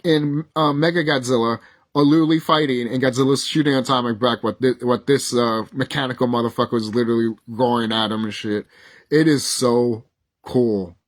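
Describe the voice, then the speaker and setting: Excitable rambling man gushing nostalgically. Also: mid-range voice. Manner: excitable, rambling, swears a lot, stumbles over words. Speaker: YouTuber. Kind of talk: casual nostalgic vlog talk.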